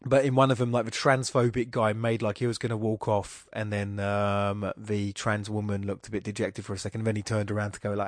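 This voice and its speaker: A middle-aged man with a lowish voice hosts a podcast, recorded dry with clean studio sound. He delivers a casual monologue that rambles and interrupts itself, with wry asides.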